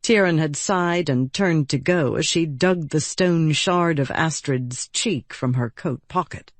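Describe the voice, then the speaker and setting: Woman narrator for a fantasy audiobook; low, unhurried, measured delivery. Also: no room sound. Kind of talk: scripted narration.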